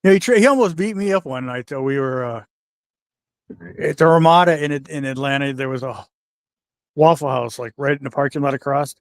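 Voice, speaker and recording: An older man telling backstage stories in a casual, animated way, acting out the voices of the people in them. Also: medium pitch, fairly quick, no echo, clean studio sound. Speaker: guest wrestler telling stories. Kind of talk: casual storytelling.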